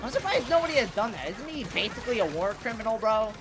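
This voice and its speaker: A woman live streaming a video game, chatting casually in slangy, animated speech that leans on "bro" constantly. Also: fairly high pitch, fast talker, noisy background. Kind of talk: casual livestream chatter over gameplay.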